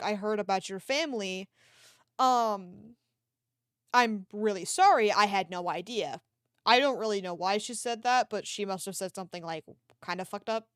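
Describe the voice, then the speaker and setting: A woman's voice: medium pitch, clean tone, no room sound, studio quality. A woman chatting casually on a livestream, rambling and swearing freely while she retells a film. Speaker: art streamer. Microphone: desk microphone.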